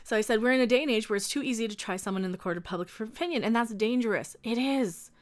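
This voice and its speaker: A woman's voice: on the high side, quick pace. A woman YouTuber ranting heatedly to camera, profane and combative, answering her critics directly and repeating herself when worked up.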